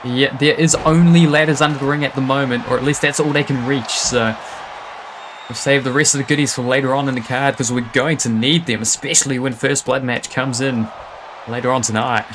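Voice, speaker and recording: A man calling a wrestling match live, rattling off moves between gasps and exclamations. There is clear background noise under his voice from a live stream mix. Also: mid-range voice, steady tone. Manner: fast reactive play-by-play, frequent gasps and exclamations. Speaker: play-by-play commentator. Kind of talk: excitable wrestling commentary.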